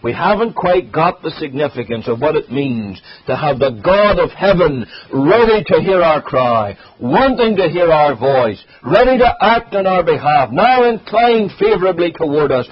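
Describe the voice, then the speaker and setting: Earnest preacher on a dull radio broadcast. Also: male voice, a little high, very animated, normal speed, hardly any pauses, husky. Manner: earnest, swells and drops in volume for emphasis. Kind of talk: sermon.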